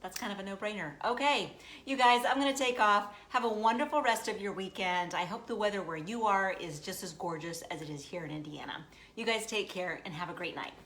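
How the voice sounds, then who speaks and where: A woman's voice: mid-range voice, brisk, a bit bright. A woman hosting a casual cooking demonstration at home, chatty and upbeat as she talks straight to her viewers. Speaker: host of a recipe demo. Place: at home in the US Midwest.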